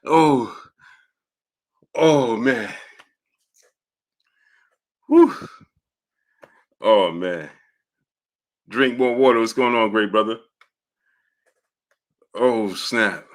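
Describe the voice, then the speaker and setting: Hosting a boxing live stream, a man with a medium-pitched voice speaks very slowly and leaves long pauses. He welcomes viewers by name, reads their comments, and breaks into hard laughter between phrases.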